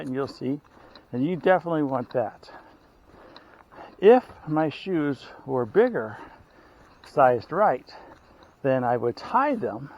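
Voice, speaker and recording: On a hiking trail outdoors, a man with a mid-range voice gives tips in a casual, rambling vlog, and the recording is muffled. He's a chatty hiker vlogger who often corrects himself mid-sentence.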